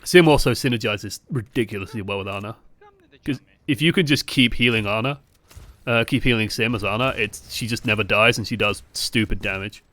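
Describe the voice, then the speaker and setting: A young man coaching over gameplay footage, moving from calm breakdowns to exasperated outbursts and swearing bluntly. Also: fairly low pitch, a little fast. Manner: swings from calm analysis to exasperated shouting. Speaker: game coach. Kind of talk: live-streamed gameplay review commentary.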